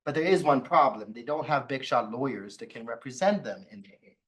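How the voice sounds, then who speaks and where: A law professor giving an academic talk, telling stories with wry, playful asides. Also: male voice, mid-range voice, a little fast, low-quality recording. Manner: lively storytelling with wry asides. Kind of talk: academic lecture.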